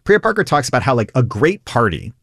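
A man, a comedian, talking through an interview in an animated way, laughing and acting out quoted lines. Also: medium pitch, fast, no room sound, clean studio sound. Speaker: comedian guest. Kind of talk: conversational interview.

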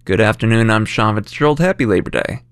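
A man's voice: on the low side, fast talker, a bit bright, dry recording. A man giving local radio station announcements in an easygoing, friendly delivery. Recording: dry studio with faint music bed.

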